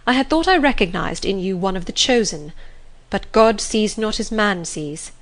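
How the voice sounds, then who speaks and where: A woman reading the lines of a stern, cold young male clergyman in a grave, measured, reproving manner. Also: mid-range voice, expressive, lightly acted. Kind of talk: audiobook reading.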